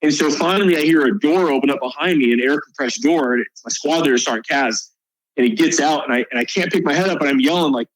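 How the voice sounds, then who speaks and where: A man's voice: on the high side, quick pace, no echo, low-quality recording. A male soldier guest on a podcast, telling a combat story in a casual, profane way.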